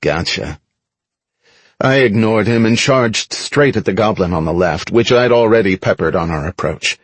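A man narrating an action story in the first person as an audiobook, dramatic and expressive. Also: lowish voice, moderate pace, husky, dry recording.

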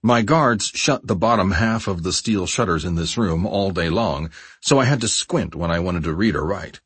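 A man narrating a first-person memoir audiobook in a measured, steady way. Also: deep voice, breathy edge, dry recording.

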